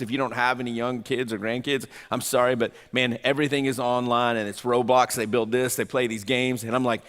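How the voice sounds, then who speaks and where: A man's voice: medium pitch, brisk, few pauses, fairly bright tone, in a large hall. A man in his thirties preaching a sermon in a conversational way, repeating phrases and acting out imagined voices. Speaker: pastor.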